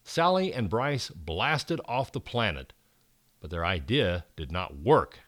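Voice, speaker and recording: A man reading a children's story aloud, expressive and rising for the exciting moments. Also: fairly low pitch, slow, no echo, clean studio sound.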